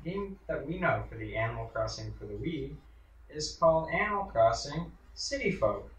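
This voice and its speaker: Bright-voiced man chatting over a game. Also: fairly high pitch, sing-song, moderate pace, reverberant, recorded from a distance, rough recording. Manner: joking, chatty, trails off with fillers. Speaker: host. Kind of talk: casual chat while playing a video game. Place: indoors at home in an apartment.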